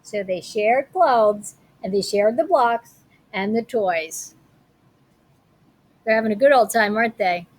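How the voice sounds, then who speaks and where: A woman teacher reading a picture book aloud to children in a playful, expressive way. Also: medium pitch, measured pace, long pauses.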